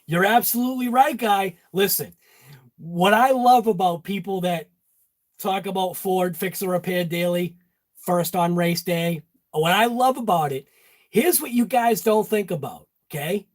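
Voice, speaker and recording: Jokey high-voiced man in his garage. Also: measured pace. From Massachusetts. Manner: jokey, talks to viewers by name. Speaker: channel host. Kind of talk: casual workshop chat. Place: home garage workshop.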